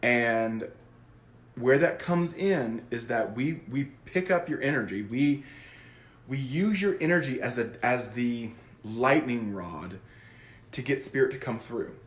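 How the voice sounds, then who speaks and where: A man who works as a psychic medium, explaining his work to camera in a goofy, animated way. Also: medium pitch, measured pace, roomy sound. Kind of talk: casual talk to camera.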